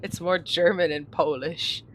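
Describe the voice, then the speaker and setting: A woman's voice: on the low side, steady tone, unhurried, low-quality recording. Playful woman chatting between game lines. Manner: playful, laughs often. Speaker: host reading a game aloud. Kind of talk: casual chat. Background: game music.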